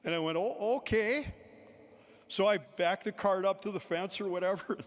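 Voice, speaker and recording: Delivering a storytelling eulogy at a memorial service, a man chuckles between anecdotes. His voice is high with a steady tone, fairly quick. The setting is a large indoor pavilion, with long hall reverb.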